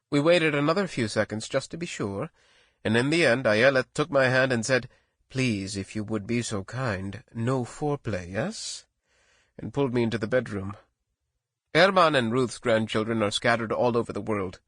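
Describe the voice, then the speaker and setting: A man reading a novel aloud in first person, with even, measured storytelling. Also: mid-range voice, no room sound. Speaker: audiobook narrator. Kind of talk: scripted first-person narration.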